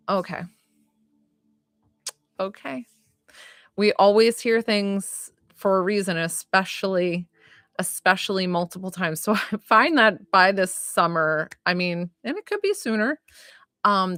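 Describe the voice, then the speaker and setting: A woman's voice: fairly low pitch, a bit bright, no room sound, clean studio sound. Chatty woman giving a psychic reading. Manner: chatty, many likes and ums, giggly. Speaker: psychic reader. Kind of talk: live-stream psychic reading.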